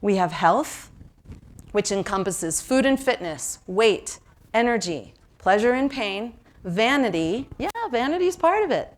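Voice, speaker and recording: A woman from New York leading an interactive seminar, talking lively and asking the audience questions. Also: mid-range voice, measured pace. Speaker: workshop presenter.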